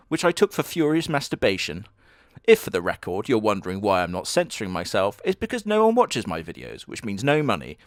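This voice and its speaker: A man's voice: medium pitch, a little mellow, no room sound, studio quality. A man giving crude, sarcastic comedic commentary on an anime, full of mocking asides. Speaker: anime reviewer.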